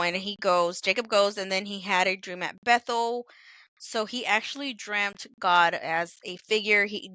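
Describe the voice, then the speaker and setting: Bright, chatty young woman retelling stories. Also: mid-range voice, no echo. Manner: chatty, retells scenes with quoted dialogue and asides. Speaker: podcast co-host. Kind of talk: casual Bible story retelling.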